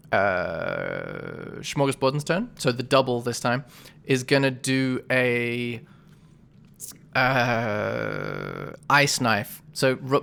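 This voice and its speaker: A man's voice: mid-range voice, creaky, a bit bright, clean tone. A man running a tabletop game as game master, narrating combat in a casual, rambling way with many fillers.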